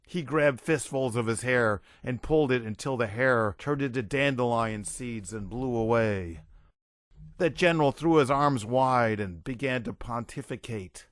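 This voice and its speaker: A man narrating an audiobook in a lively, expressive storytelling manner. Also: medium pitch, unhurried, dry recording, studio quality.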